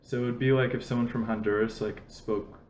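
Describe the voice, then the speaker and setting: A man's voice: medium pitch, fairly even intonation, fairly quick, darkish tone. A man chatting casually on a podcast, rambling through stories packed with fillers and breaking into laughter. His voice sits in a middle register. The room around him rings with echo, and a faint hiss sits underneath. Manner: rambling storyteller with constant "like" fillers, laughs often. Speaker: podcast host. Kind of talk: casual chat. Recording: roomy echo, faint background noise.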